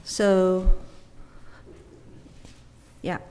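A woman interpreting a sermon live, quick phrases with fillers and self-corrections. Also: medium pitch, in a large hall.

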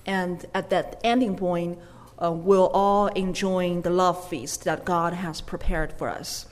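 A woman's voice: on the low side, fairly even intonation. Woman interpreting a sermon, hall reverb. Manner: quick, with fillers and self-corrections.

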